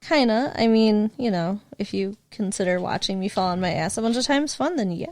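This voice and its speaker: A woman's voice: mid-range voice, a little fast, no echo. A woman co-hosting a podcast in casual comedic chat, sarcastic and playful, often breaking into giggles. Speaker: podcast co-host.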